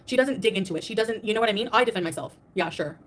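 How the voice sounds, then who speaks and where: A woman streamer talks at a breakneck pace through a livestream rant, defending herself against critics. She is emphatic and repeats herself for weight, and her pitch sits in an ordinary middle range. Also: rapid-fire, a bit bright.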